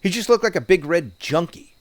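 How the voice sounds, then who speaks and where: A man's voice: sits high, lively intonation, brisk, no echo. A man with a New Jersey accent, chatting casually as a podcast co-host, rambling and profane with many restarts. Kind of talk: casual chat.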